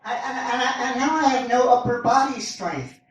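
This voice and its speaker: A man doing a stand-up comedy set on a club stage, with a halting, meandering delivery and lively pitch swings. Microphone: far camera in the audience. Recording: echoey club recorded from far off. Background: audience laughter.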